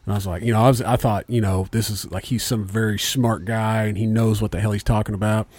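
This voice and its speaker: A man's voice: on the low side, steady tone, fast, darkish tone, slightly rough, no room sound. Joking Indiana man hosting a podcast. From Indianapolis area, USA. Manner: loose, joking, swears freely. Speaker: podcast host. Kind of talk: casual chat. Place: studio.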